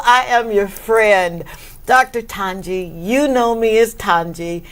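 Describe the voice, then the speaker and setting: A woman hosting a talk show, effusive and grateful, laughing often and breaking into high exclamations. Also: slow pace. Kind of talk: warm talk show interview.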